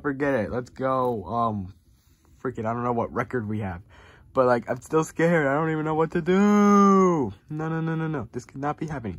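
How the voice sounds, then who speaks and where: An excitable man reacts out loud to his football team's season, shifting from loud cheering to anxious, repeated worrying. His voice sits at an ordinary middle pitch. The sound is dry and close, with no room echo. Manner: excitable, swings between cheering and panicked repetition. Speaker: YouTuber. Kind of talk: casual reaction commentary.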